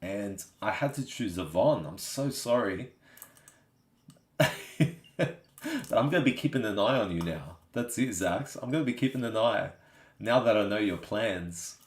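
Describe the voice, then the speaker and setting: This Australian live streamer has a fairly low, animated voice, a measured pace, and long pauses. Relaxed and talkative, he reads and responds to viewer comments, frequently tossing in "you know what I mean," and the room echoes.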